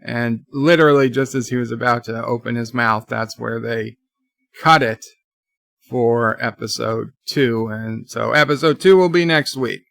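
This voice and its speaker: A man's voice: medium pitch, fairly even intonation, measured pace, vocal fry, fairly bright tone, no room sound, clean studio sound. A man giving a casual, rambling live review of a TV episode, with many restarts, retelling scenes. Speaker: YouTube TV reviewer.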